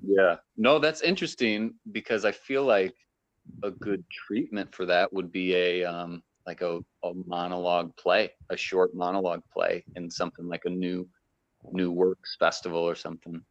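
A man co-hosting a podcast, chatting casually with relaxed, joking remarks. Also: low-pitched, normal speed. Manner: relaxed, joking, short agreements. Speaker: podcast co-host. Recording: dull lo-fi sound.

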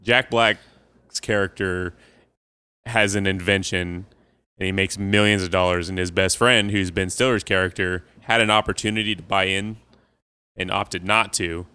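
Man for casual podcast banter: lowish, bright, crisp voice, rambling storyteller. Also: steady tone, normal speed, dry recording. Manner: rambling storyteller, laughs at own stories. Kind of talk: casual chat.

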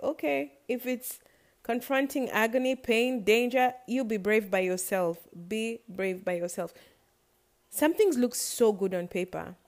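Playful, chatty woman podcast host. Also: fairly high pitch. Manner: playful, chatty, laughs at her own jokes. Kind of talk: casual solo podcast talk.

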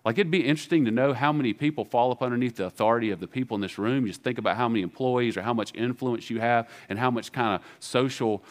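A man with a Southern American accent preaching a sermon as pastor, acting out biblical dialogue in a casual, animated way. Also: medium pitch, quick pace, few pauses.

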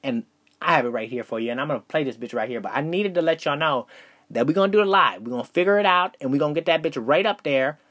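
A man's voice: a little high, fairly bright tone. A young man hosting a casual solo podcast, talking loosely and profanely with lots of fillers and restarts. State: out of breath. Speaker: podcast host.

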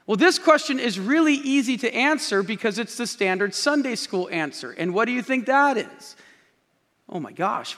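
Male pastor preaching emphatically from a big church stage; fairly high voice carrying a long room echo. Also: sharp tone. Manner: emphatic preaching, repeats key phrases, addresses the congregation directly. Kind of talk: sermon. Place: large church auditorium with a stage. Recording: long reverb of a large hall.

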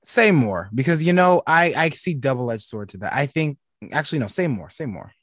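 A man co-hosting a podcast in casual chat, blunt and sassy, telling animated stories. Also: mid-range voice, normal speed, no room sound, studio quality. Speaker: podcast co-host.

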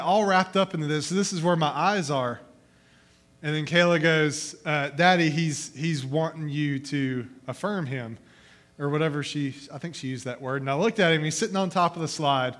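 A man's voice: fairly high pitch, fairly bright tone. A young adult man preaching a casual youth sermon, asking the room questions and telling stories about his toddler. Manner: conversational, storytelling with questions to the crowd. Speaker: youth pastor.

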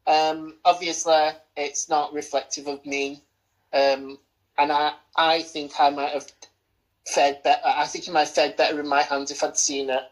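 A woman's voice: sits low, little pitch movement, moderate pace, low-quality recording. Gloating woman, theatrical chat. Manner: theatrical, gloating banter, swears freely. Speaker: podcast co-host. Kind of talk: casual film-review chat.

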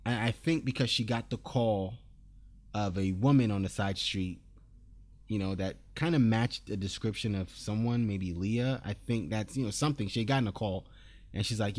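A man's voice: lowish voice, moderate pace, a little mellow. Laid-back man rambling through a recap. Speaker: podcast co-host. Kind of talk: casual chat recapping episodes.

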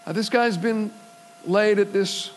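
Guy preaching a sermon, high voice, tells stories and does the voices, goes loud and emphatic, faint hum behind. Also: measured pace, rough recording. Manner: storytelling, acts out quoted voices, swells to emphatic preaching. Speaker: pastor.

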